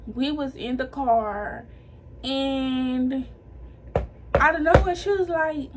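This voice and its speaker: A woman's voice: high-pitched, slow pace, noisy background. A young woman vlogger telling her own story in casual, slangy chat to her viewers, animating the people she quotes. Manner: chatty and slangy, addressing viewers as y'all.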